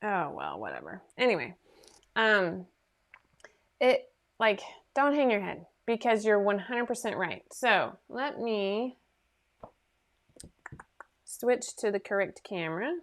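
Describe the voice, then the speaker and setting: A woman's voice: mid-range voice, sing-song, takes it slowly, pauses often. A woman hosting a casual sewing livestream from her home sewing room, chatting in a rambling, self-deprecating way into her computer microphone.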